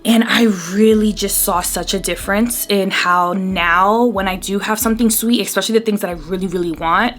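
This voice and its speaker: A woman's voice: mid-range voice, fairly bright tone. Chatty emotional woman in her thirties. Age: 30s. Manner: chatty, rambling, easily emotional. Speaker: beauty vlogger. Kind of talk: casual chat to camera while doing makeup.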